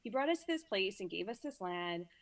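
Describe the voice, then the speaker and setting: A woman's voice: medium pitch, sing-song, fairly quick. Chatty Brooklyn woman reading aloud. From Brooklyn, New York. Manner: chatty, reads with small stumbles and repeats. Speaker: guest reader. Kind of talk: casual podcast chat and reading scripture aloud.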